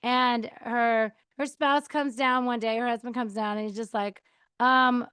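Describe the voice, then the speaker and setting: Her voice is fairly high, a bit bright and clean in tone, with fairly even intonation and a slightly slow pace. She hosts a podcast chatting casually about choosing peace, acting out quoted replies and laughing often, recorded on a counter mic with clean studio sound and no room sound.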